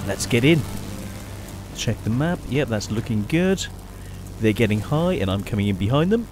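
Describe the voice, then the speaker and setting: A man giving casual, chatty gameplay commentary as a channel host, often pausing and restarting his sentences. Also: medium pitch, sing-song, music in the background. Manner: chatty, halting, many restarts and fillers.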